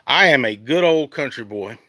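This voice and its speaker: Outdoors in the heat, a Southern American country singer livestreams a casual rant from a phone held at arm's length, fired up and rambling as he keeps restarting and returning to his point. He speaks at normal speed in a bright, forceful, expressive medium-pitched voice, and the audio is dry and close with no echo.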